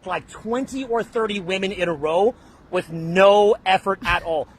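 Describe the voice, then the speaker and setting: A man's voice: high voice, unhurried. A man from Canada giving dating advice in a brash, blunt lecture style, calling his listeners bro. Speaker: dating coach.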